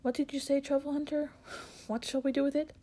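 A woman voicing a decent, red-haired male dwarf who talks in brisk exclamations, reading a storybook aloud. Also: high voice, little pitch movement, warm tone, pitched above the performer's own voice, lightly acted. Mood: indignant.

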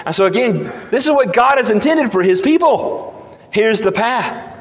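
A man preaching a sermon as pastor, emphatic and repeating key phrases, dropping low and slow when he reads scripture. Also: expressive, long reverb tail.

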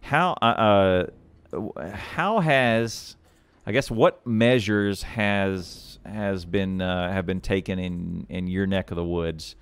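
A man's voice: deep voice, takes it slowly, clear, resonant tone, dry recording. A man guest-hosting a casual podcast chat, thinking aloud and rambling with frequent restarts. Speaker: guest host.

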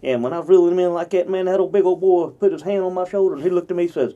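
A man's voice: high voice, warm tone, muffled recording. Folksy older man telling stories. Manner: folksy, drawn-out storytelling with old-timer phrasing. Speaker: podcast guest. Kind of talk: casual storytelling chat.

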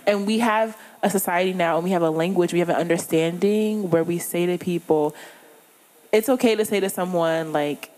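A woman in her thirties in casual conversation, supportive and quick to affirm. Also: on the low side, darkish tone, rough recording. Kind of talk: casual chat.

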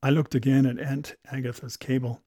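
A man narrating a story in a measured, wry manner, recorded close on a studio mic. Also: mid-range voice, little pitch movement, warm tone, no echo. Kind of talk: scripted audiobook narration.

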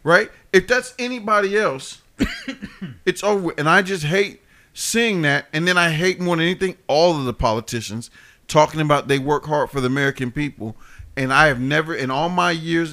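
A man's voice: on the high side, brisk, sharp tone. A man co-hosting a podcast, speaking earnestly and ranting in casual chat. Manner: earnest, ranting about politics. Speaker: podcast co-host.

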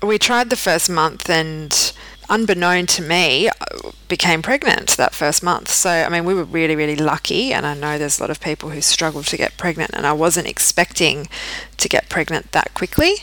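Candid woman with a bright voice. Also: sits low, expressive, moderate pace, poor audio. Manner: candid, frequent restarts and fillers. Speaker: podcast host. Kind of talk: personal storytelling.

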